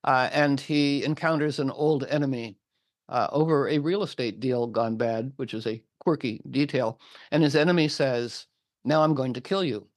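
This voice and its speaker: Man, mid-pitch, lively storyteller, dry room. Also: normal speed, no room sound. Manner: animated, acts out quotes with filler words. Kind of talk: casual retelling of a legend.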